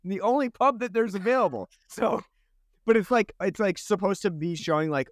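A man's voice: high voice, normal speed, no echo, studio quality. A man co-hosting a podcast, chatting casually and sarcastically about a holiday movie, often restarting his phrases. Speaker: podcast co-host. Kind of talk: casual movie review chat.

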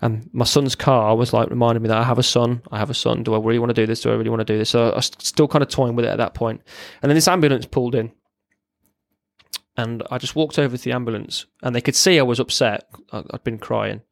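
A man, a former serviceman, telling his own story as a podcast guest in a halting, plain-spoken way. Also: medium pitch, steady tone, creaky, no echo. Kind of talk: candid personal storytelling.

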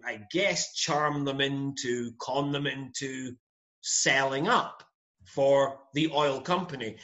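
A Scottish man talks films in a casual, emphatic way, his voice on the higher side and swinging widely in pitch. The recording sounds dull and lo-fi. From Scotland. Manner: animated, emphatic, says "mate" often. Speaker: podcast guest recommending films. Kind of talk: casual chat.

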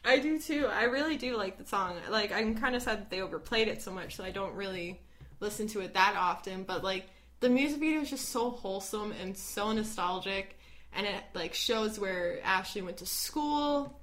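A woman's voice: medium pitch, normal speed, fairly bright tone, a little hiss or hum. A young woman with a Midwestern accent co-hosting a podcast, chatty and full of "like". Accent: Midwestern American. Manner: chatty, laughs often, lots of "like". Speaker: podcast co-host. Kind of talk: casual chat.

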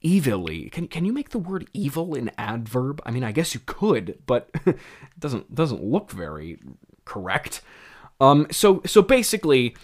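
A man's voice: mid-range voice, very animated, unhurried. A young man hosting a podcast, rambling through casual, self-mocking commentary on a script he wrote as a teen, with many restarts and laughs. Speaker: podcast host.

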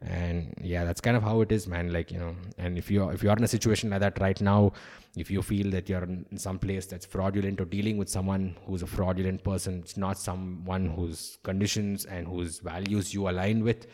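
Man, comedian podcast host, casual monologue, candid, swears, slightly low pitch. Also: level tone, normal speed, a little mellow. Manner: candid, opinionated, swears freely.

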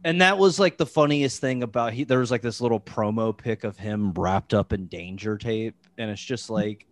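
A man's voice: on the low side, normal speed, no echo. A man hosting a podcast in casual chat, rambling and profane, with lots of fillers. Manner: rambling, full of "like" and restarts, profane. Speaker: podcast host.

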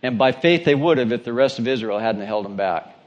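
A man's voice: medium pitch, expressive, a little fast, dull audio. A male pastor with a Southern twang, reading scripture and preaching an emphatic sermon that asks questions of the congregation.

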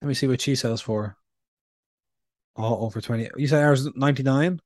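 A man co-hosting a casual podcast, telling stories with frequent filler pauses. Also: medium pitch, darkish tone, dry recording, clean studio sound. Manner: chatty, storytelling with filler pauses. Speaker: podcast co-host. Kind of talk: casual chat.

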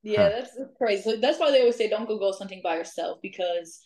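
A woman's voice: medium pitch, fast. A woman chatting casually as a guest, telling her stories with plenty of laughs and "um"s along the way. Her voice sits in a middling range, and the room around her is echoey. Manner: lively, laughs often, many "um" fillers. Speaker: guest, amateur ghost hunter. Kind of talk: casual storytelling chat.

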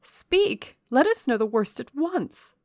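Brief: woman voicing a panicked young lady, high and insistent. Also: sing-song, takes it slowly, a little mellow, no echo, studio quality, heavily acted. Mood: urgent. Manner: urgent, demanding.

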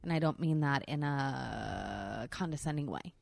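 A woman hosting a podcast in casual chat, candid and profane, talking freely and getting animated. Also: a bass voice, measured pace, gravelly, dry recording. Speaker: podcast host. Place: hot room.

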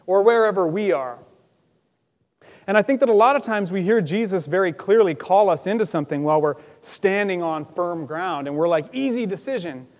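Male pastor, high voice, chatty sermon delivery with dramatic acted-out quotes, long church-hall reverb. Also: moderate pace. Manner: lively, conversational, acts out quotes with loud bursts.

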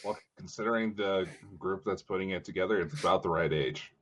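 A man's voice: low voice, a little fast, a bit bright. A man co-hosting a podcast, chatting in a laid-back, teasing way with some swearing. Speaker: podcast co-host. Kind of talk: casual chat.

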